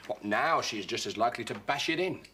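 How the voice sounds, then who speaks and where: An actor playing Wilfred, a self-pitying grown son who runs a theatre, in 1970s TV sitcom acting. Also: male voice, mid-range voice, animated, fairly quick, pushed and bright. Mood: worried. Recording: noisy old TV soundtrack.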